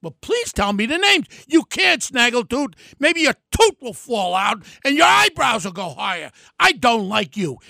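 An older man delivering a fiery political rant, yelling and name-calling. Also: very high-pitched, big pitch swings, normal speed, vocal fry, hardly any pauses, no room sound, clean studio sound. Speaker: political commentator.

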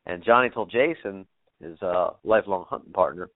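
Heard through a tinny, phone-style remote line with no echo, a low-pitched man speaks at a moderate pace. He's a podcast guest and bow hunter whose story rambles, full of fillers and casual swearing.

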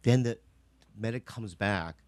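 A man's voice: fairly low pitch, measured pace, dry recording. A man, a comedian, chatting casually and telling rambling stories with restarts and many tag questions. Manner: rambling storyteller, restarts and frequent "right?"; animated, acts out voices in his stories. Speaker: comedian and actor. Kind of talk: casual chat.

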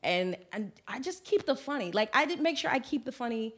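Animated woman chef chatting. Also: fairly high pitch. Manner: animated, laughs often, quick asides. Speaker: guest chef. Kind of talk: casual podcast chat. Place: Los Angeles podcast studio.

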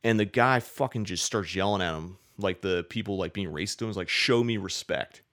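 Speaking quickly in a low, slightly bright voice, a man rambles through a long, casual story. He swears a lot and keeps dropping "like" into his sentences.

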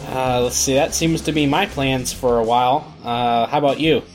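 A man hosting a podcast in casual chat, relaxed and rambling with lots of fillers. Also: medium pitch, normal speed, soft background music. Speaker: podcast host.

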